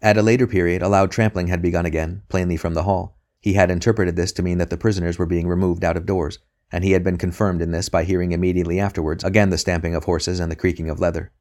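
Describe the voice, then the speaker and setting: A man reading a novel aloud as an audiobook narrator, in a measured, even manner. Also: sits low.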